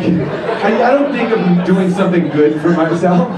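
High-voiced man doing stand-up in a club. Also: animated, normal speed, crowd noise. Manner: acts out girlfriend in a low soft voice. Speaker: stand-up comedian. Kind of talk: stand-up set. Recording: roomy live club recording from a distance. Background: loud audience laughter.

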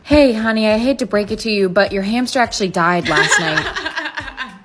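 A woman's voice: a little high, expressive, heavy background noise. Young woman playing skit side roles. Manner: brisk, exaggerated reactions across many roles. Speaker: plays the side characters in skits. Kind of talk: acted comedy skit.

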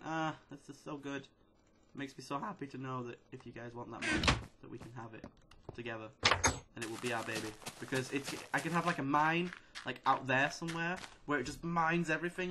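A man hosting a casual let's-play video, excitedly chattering at the characters in his game. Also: medium pitch. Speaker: gaming video host. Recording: loud steady background noise.

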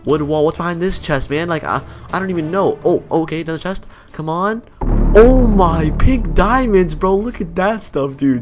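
A man giving excited gameplay commentary as a YouTuber, jumpy and slangy, talking straight to his viewers. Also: mid-range voice. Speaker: gaming YouTuber.

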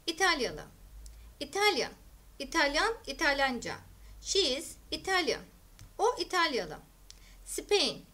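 A female English teacher with a bright, high-sitting voice speaks slowly, clearly, and deliberately. She runs a vocabulary drill, saying each English word, repeating it for learners, then giving the Turkish meaning.

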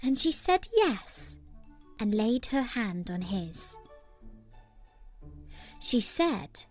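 A woman narrating a children's fairy tale in a slow, expressive storybook manner. Her voice sits fairly high and rises and falls widely. Soft music plays faintly underneath.

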